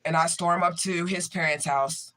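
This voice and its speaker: A man's voice: on the high side, fairly even intonation, normal speed, pushed and bright. A man, a tarot reader, chatting casually and profanely to his livestream viewers.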